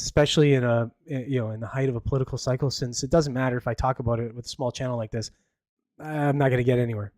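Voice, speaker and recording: A man's voice: mid-range voice, darkish tone, no room sound. Rambling male podcast host, dry sound. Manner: rambling, full of fillers and restarts; opinionated and chatty. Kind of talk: casual solo news chat.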